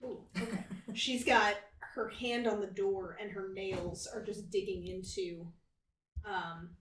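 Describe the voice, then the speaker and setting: A woman's voice: medium pitch, steady tone, slow pace, a bit bright. Woman player describing her character. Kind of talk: casual tabletop play. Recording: echoey room, distant mic, faint noise.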